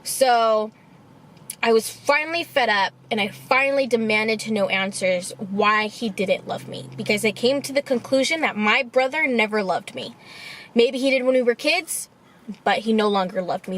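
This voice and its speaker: A woman in her twenties telling a personal story to her camera. She talks in a halting, emotional way and sounds tearful. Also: fairly high pitch, fairly bright tone. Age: 20s. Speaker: vlogger.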